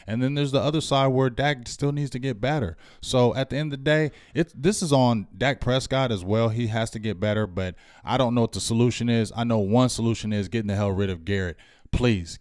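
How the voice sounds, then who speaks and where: A man's voice: medium pitch, a little fast, a little mellow, clear, resonant tone, dry recording, studio quality. A man co-hosting a live fan sports show, ranting with preachy fire.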